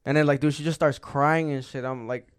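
A man's voice: medium pitch, fairly even intonation, a little fast, smooth. A young man co-hosting a podcast, telling a long story in casual chat, rambling and swearing with lots of filler words. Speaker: podcast co-host.

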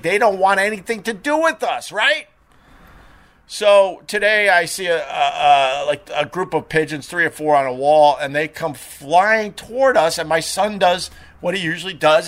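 A middle-aged man with a bright, forceful voice pitched a bit high, hosting a live stream. He tells chatty, rambling anecdotes, full of "uh"s and restarts. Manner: chatty, animated anecdotes with frequent fillers and restarts. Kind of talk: casual rambling storytelling.

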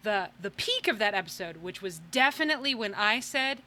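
A podcast host with a bright, forceful, mid-range voice speaks expressively and a little fast. She chats casually and laughs while making announcements and reading out thank-yous, coming across as chatty and self-deprecating.

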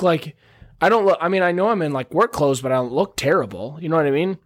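A man's voice: a little high, fast talker. A man casually telling crude stories and ribbing his friends on a podcast. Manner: crude, storytelling, animated. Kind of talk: casual chat.

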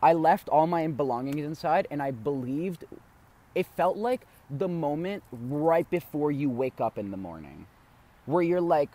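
Man, slightly high voice, casual podcast chat, rambling, lots of fillers, swears. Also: lively intonation, measured pace, mellow. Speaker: podcast co-host.

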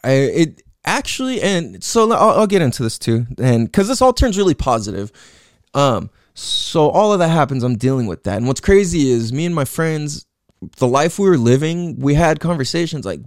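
This twenty-something man's fairly high-pitched voice is very animated, moving at a moderate pace as he wanders through his life story. Profanity comes up often, along with "like" and "you know what I'm saying." The sound is clean studio quality with no room sound.

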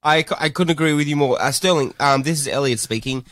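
A man's voice: a little high, fast, a bit bright, dry recording. A man co-hosting a comedy podcast, hesitant and full of filler words as he plays along with a caller. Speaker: podcast co-host.

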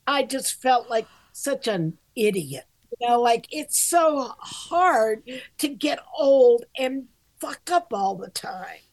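An older woman talks in a relaxed, unhurried way, with a voice that sits slightly high. She pokes fun at herself, laughs often and swears without fuss. The sound is dry and close, with no room echo. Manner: self-deprecating, laughing, frank with swearing. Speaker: podcast co-host, dog groomer and shop owner. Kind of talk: casual chat.

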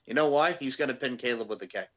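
Brash, bright-voiced podcast guy. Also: mid-range voice, fast talker. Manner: animated, profane, loud laughs. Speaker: podcast co-host. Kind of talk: casual wrestling chat.

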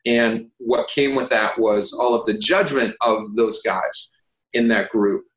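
A man telling stories in a casual interview, lively and profane, acting out what others said to him. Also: medium pitch, slow, echoey room, poor audio. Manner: animated, swears, acts out quoted voices. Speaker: guest actor.

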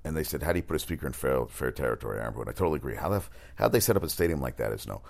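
A man with a very low voice full of gravel and vocal fry talks through sports news in a loose, unscripted monologue. He rambles, stumbles over names and restarts his sentences. He swears freely. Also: expressive, racing. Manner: rambling, profane, frequent restarts; exasperated outbursts. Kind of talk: casual sports chat monologue.

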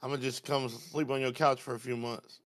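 A man hosting a podcast, relaxed and joking as he teases his friends. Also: mid-range voice, normal speed, no room sound. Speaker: podcast host. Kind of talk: casual chat.

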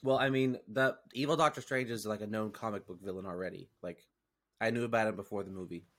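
A man's voice: fairly low pitch, fairly even intonation, quick pace, a bit bright. Rambling man in casual podcast banter. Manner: hesitant, many fillers and restarts, defensive. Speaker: podcast co-host. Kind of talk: casual chat.

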